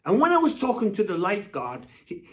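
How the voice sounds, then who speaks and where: A man with a Scottish accent giving a Father's Day sermon, telling stories in an animated way before turning soft and earnest. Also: high-pitched, fairly quick. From Scotland. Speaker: pastor.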